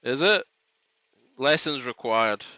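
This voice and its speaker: A man's voice: mid-range voice, animated, slow pace, pushed and bright, clear, resonant tone, dry recording, dull audio. A man hosting a woodworking live stream, chatting in a rambling, joking way from his workshop. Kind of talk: casual live stream chat. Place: home workshop.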